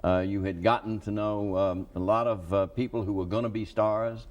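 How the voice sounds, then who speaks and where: A low-pitched man hosts a studio book interview. He speaks in careful, measured phrases and often pauses to find the right words. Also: steady tone. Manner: deliberate, hesitant with many uh and um. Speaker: TV interviewer and host.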